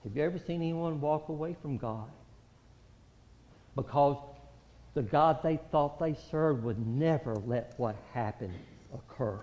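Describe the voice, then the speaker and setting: A man preaching an impassioned, pleading sermon, with a high voice and slow, deliberate delivery. He swings between loud outcries and hushed, low passages. The sound is dull and lo-fi, with long reverb from a church hall.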